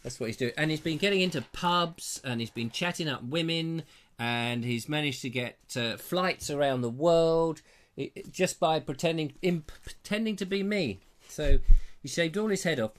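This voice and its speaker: A man's voice: on the high side, normal speed. A British man hosting a live online show, casually reading viewer comments aloud with playful jokes and asides. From Britain. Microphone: lapel mic.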